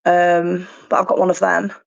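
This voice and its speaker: A woman's voice: on the low side, monotone, moderate pace, creaky. Woman guest on a chat podcast, rambly and self-deprecating, lots of ums, kinda muffled audio. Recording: slightly muffled lo-fi sound.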